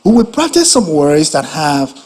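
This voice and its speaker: A man teacher opening a phonics lesson for children with an animated, sing-song teaching voice and a husky tone. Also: on the high side, normal speed.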